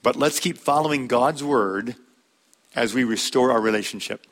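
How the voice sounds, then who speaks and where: A man delivering a sermon from the pulpit. His voice sits at an ordinary middle pitch, and he speaks in measured, earnest phrases. He slows down to lean on the key words. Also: a bit bright. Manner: measured preaching with slow emphatic stresses. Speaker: pastor.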